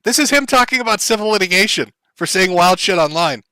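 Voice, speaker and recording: A man's voice: sits high, expressive, a little fast, bright, forceful tone, smooth, no room sound. A man commenting on a clip for his stream chat in a blunt, profane, lecturing way.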